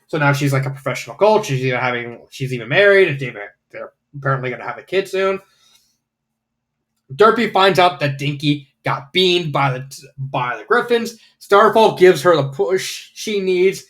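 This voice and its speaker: A man's voice: mid-range voice, a bit bright. A man casually reviewing fanfiction, rambling with lots of fillers and the odd swear word.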